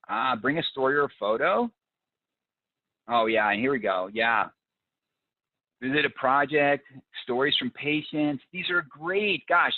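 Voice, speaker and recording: A man's voice: medium pitch, dry recording. A man presenting a fundraising webinar, talking enthusiastically and reading out audience ideas as they come in. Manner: enthusiastic, reads audience chat aloud. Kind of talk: live fundraising webinar talk. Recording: dry, phone-like narrow sound.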